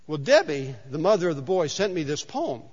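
A man's voice: on the high side, big pitch swings, a little fast, breathy edge. A man preaching a sermon in a church sanctuary, telling stories in a conversational way and repeating key points for emphasis. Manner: conversational storytelling with emphatic repetition. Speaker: pastor. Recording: dull sound with long hall reverb.

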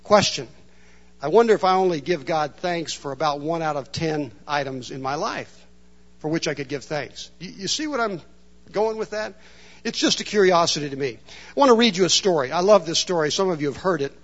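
A man with a high voice preaches a sermon to his congregation in a church. He wonders aloud and asks the room questions. The recording is dull and lo-fi. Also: expressive, a little fast, a bit bright. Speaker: pastor.

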